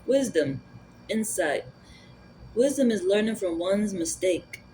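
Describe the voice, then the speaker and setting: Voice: medium pitch, expressive, takes it slowly, mellow, a little hiss or hum. A spiritual vlogger thinking aloud in a casual, rambling monologue, full of fillers and restarts. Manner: rambling, musing, with repeated fillers; energy and spirituality talk.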